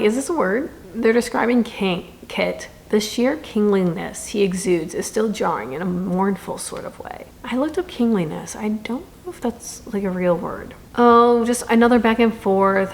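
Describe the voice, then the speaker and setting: A woman's voice: medium pitch, normal speed, few pauses, slight background noise. A young woman reviewing a book in a casual vlog, reading quotes aloud dramatically and answering them with sarcastic, exasperated asides.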